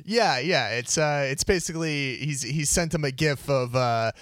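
A man's voice: a little high, normal speed, fairly bright tone. A man in casual podcast chat, making dry, teasing jokes about a TV episode.

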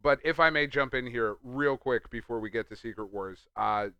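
A man's voice: mid-range voice, normal speed, bright, forceful tone, clear, resonant tone, no echo, muffled recording. A man chatting casually as a podcast co-host, eager and upbeat. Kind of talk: casual chat.

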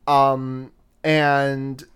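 A man's voice: mid-range voice, little pitch movement, extremely slow, a bit bright, clear, resonant tone. A man hosting a podcast, casually retelling a film's plot, profane and giggly, rambling with restarts. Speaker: podcast host.

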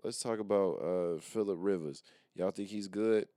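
A man's voice: low voice, normal speed, warm tone, a little hiss or hum. A young man hosting a casual solo podcast, rambling, swearing freely and mocking himself. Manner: rambling, profane and self-mocking. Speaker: podcast host.

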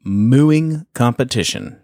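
A man's voice: medium pitch, slow, a little mellow, dry recording, studio quality. A man hosting a casual podcast game segment, teasing and playful as he quizzes his guests. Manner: playful, teasing quiz-master. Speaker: host.

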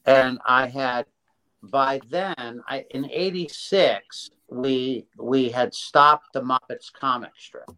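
A man's voice: medium pitch, slow, rough recording. An older man in an interview, telling a story casually with lots of energy. He restarts his sentences often and slips into voices for the people he quotes. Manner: animated, does voices, many restarts. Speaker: interview guest, illustrator.

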